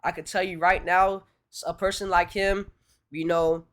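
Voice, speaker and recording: A man reacting to a video as a streamer, talking excitably in slang and repeating his phrases. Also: sits high, normal speed, clean tone. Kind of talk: casual reaction commentary. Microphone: streaming mic.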